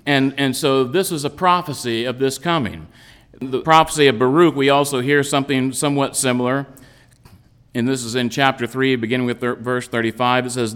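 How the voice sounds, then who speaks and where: A man's voice: mid-range voice, fairly bright tone, smooth, long reverb tail. A man who is an Orthodox priest, giving a patient, explanatory sermon on a psalm with frequent restarts.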